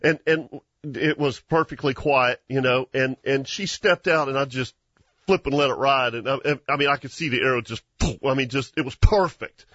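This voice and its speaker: A man, hosting a hunting show and telling a story in an animated way, with frequent laughs and restarts. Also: mid-range voice, moderate pace, no echo, muffled recording. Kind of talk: casual storytelling chat.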